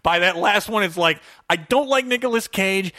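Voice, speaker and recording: A man's voice: high voice, moderate pace, pushed and bright, no echo. A man co-hosting a casual movie review chat with wry, sarcastic asides. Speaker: podcast co-host.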